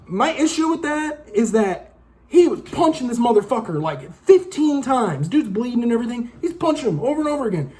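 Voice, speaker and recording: A man's voice: very high-pitched, sing-song, a little fast, darkish tone. A young man giving a casual, profane, rambling movie review, exasperated and acting out lines from the film. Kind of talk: casual rant-style review.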